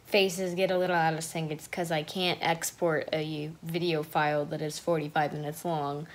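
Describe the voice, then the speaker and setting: Tired low-voiced woman reacting. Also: little pitch movement, moderate pace. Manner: soft, apologetic and low-key. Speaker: video reactor. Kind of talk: casual reaction commentary.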